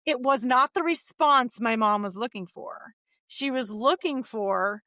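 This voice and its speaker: Podcast guest: woman in her forties, high bright voice, dry close sound, animated storyteller. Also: moderate pace, no echo. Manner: animated, acts out quoted voices. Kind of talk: casual storytelling interview.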